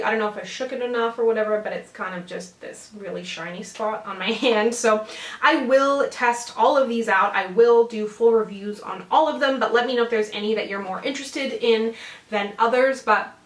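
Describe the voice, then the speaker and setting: A woman's voice: fairly high pitch, moderate pace. A young woman chatting casually about beauty products she bought, laughing often and drifting off topic. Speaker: beauty vlogger. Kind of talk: casual haul chat. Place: home room. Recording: roomy and distant home recording.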